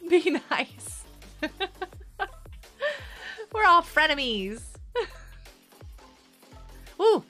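A woman's voice: high voice, sharp tone. A woman streaming a game live, chatting to viewers by name, giggling and panicking as she plays. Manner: bubbly, giggly, often panicked; talks to chat viewers by name.

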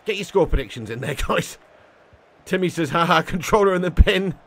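Excitable man streaming a football game. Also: a little high, fairly quick. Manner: excitable and cheeky, swears, calls viewers legend and mate. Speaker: gaming live streamer. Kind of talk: casual live-stream banter while playing.

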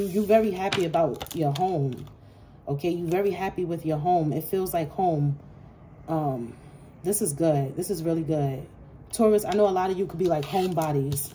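A woman's voice: low-pitched, very noisy. A woman giving a casual tarot reading to her viewers, talking bluntly and swearing freely. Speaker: tarot reader.

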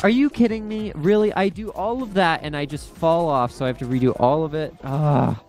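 Fairly high-pitched but darkish in tone, this young streamer talks fairly quickly as he vents at a game. Faint music plays behind his exasperated rants, which are full of repeated complaints and outbursts.

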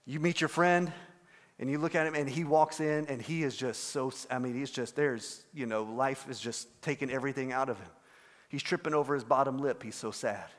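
A man preaching a sermon as pastor, telling a story and acting out the quoted voices with animated delivery. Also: mid-range voice, brisk, big-room sound. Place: church sanctuary.

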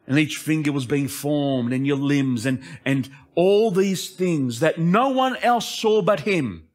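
A male pastor preaching an impassioned sermon that swings between emphatic lines and hushed asides. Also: fairly high pitch, expressive, slow.

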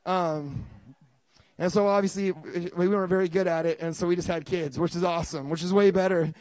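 A man in his thirties preaching a sermon as pastor, telling stories with lively restarts and bursts of excitement. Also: sits high, a little fast, no echo. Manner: animated storytelling with many restarts.

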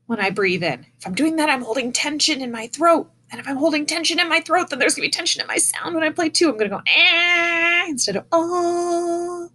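A woman's voice: a little high, a bit bright. Encouraging woman teaching breathing. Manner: patient and encouraging, demonstrating breaths aloud. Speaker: elementary music teacher. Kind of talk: recorded online lesson for children. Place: indoors, seated in a chair. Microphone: camera in front of her.

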